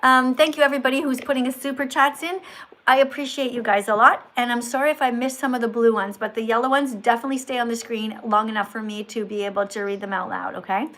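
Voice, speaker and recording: A woman's voice: on the high side, steady tone, fast, a bit bright. A woman hosting a live stream in a schoolteacher tone, correcting and praising viewers with emphatic delivery. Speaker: livestream host.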